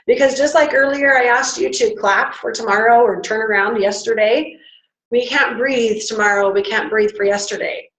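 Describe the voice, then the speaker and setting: A woman's voice: fairly high pitch, reverberant, poor audio. A woman giving a chatty motivational talk to a live audience, demonstrating breathing with sighs. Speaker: wellness workshop presenter. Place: standing before an audience in a room.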